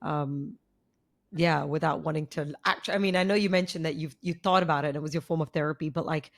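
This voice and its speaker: A podcast host at a middle pitch asks a guest thoughtful follow-up questions. The talk is conversational and curious. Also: steady tone, brisk. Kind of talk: interview questions.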